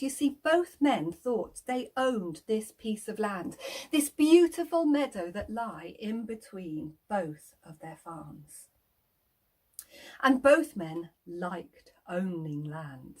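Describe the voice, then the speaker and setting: A woman telling a children's story in a playful way, inviting listeners to act along. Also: on the high side.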